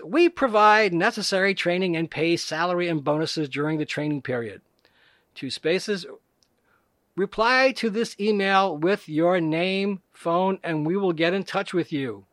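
Guy reading spam emails out loud deadpan, says every comma, highish voice, dry close sound. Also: no room sound. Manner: reads every punctuation mark and space aloud, dry and mocking. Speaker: comedic reader. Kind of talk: deadpan reading of scam emails aloud, punctuation included.

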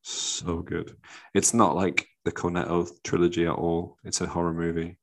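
A man's voice: low voice, little pitch movement, moderate pace, fairly bright tone. A man co-hosting a podcast, chatting casually over a call with wry, teasing asides. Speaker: podcast co-host.

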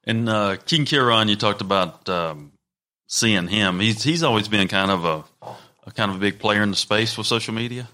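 A man hosting an interview, asking relaxed, halting questions with fillers. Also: fairly low pitch.

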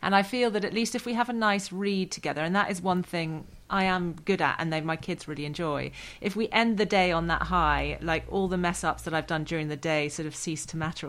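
A woman's voice: fairly low pitch, fairly quick, few pauses, a bit bright. A woman hosting a podcast interview, candid and chatty, often laughing at herself. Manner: candid and chatty, self-deprecating. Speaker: podcast host. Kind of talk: conversational interview.

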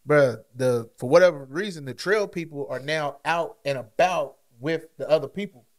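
A man's voice: a little high, normal speed. A man co-hosting a podcast, telling a story in casual, slangy chat and acting out what people said. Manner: animated, slangy storytelling with acted-out quotes. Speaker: podcast co-host.

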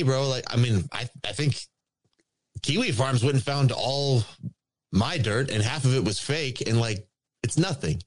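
A man on a podcast, ranting emphatically and repeating his points with drawn-out stress. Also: medium pitch. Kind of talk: casual podcast rant.

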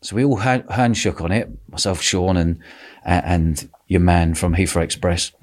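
A man hosting a podcast, telling a lively story with lots of laughter and quoted voices. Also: sits low, normal speed. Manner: animated, laughing, acts out quotes. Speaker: podcast host. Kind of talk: casual storytelling chat.

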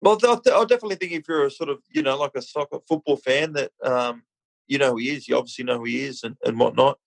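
A man's voice: mid-range voice, quick pace, gravelly, no echo, poor audio. An Australian man chatting casually as a podcast guest, laid-back and easygoing. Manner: laid-back, says mate a lot. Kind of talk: casual chat.

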